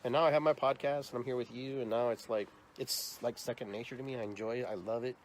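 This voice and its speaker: A man in his fifties hosts a podcast with a middle-pitched voice. He tells stories in an animated way and acts out the people in them. Faint background noise sits under the recording. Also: quick pace. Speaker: podcast host. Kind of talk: casual storytelling interview.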